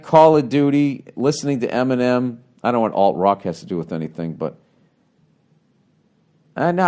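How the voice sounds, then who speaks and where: A middle-aged American man hosts a podcast, bluntly offering casual advice on a listener's letter, swearing a lot and wandering into rambling asides. His voice is medium-pitched and a little mellow.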